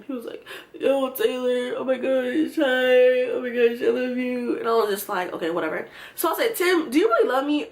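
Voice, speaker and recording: A young woman telling a storytime vlog, animated and swearing freely as she acts out what people said. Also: medium pitch, reverberant. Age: young adult. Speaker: vlogger.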